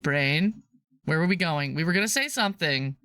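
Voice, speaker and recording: A woman streamer chatting casually on a live stream, rambling, playful and laughing often, sometimes breaking into high squeals. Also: animated, normal speed, fairly bright tone, no echo, clean studio sound. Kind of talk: casual livestream chat.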